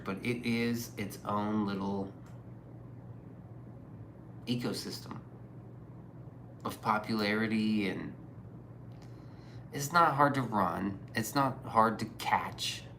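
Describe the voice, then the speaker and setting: Slow-drawling, low-voiced man rambling. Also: bright, forceful tone, a little hiss or hum. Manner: rambling and profane, trailing off into mumbles. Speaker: streamer. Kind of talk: casual chat reading out chat messages.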